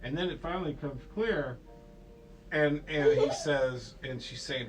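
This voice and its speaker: A man's voice: mid-range voice, measured pace, faint music behind, low-quality recording. A man casually retelling a film story to a child at home, playful and rambling, slipping into goofy voices.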